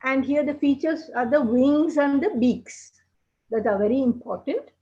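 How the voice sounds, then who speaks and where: A woman teaching a puppetry workshop, explaining how to make puppets in a gentle, explanatory way. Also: high-pitched, moderate pace. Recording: dull lo-fi sound.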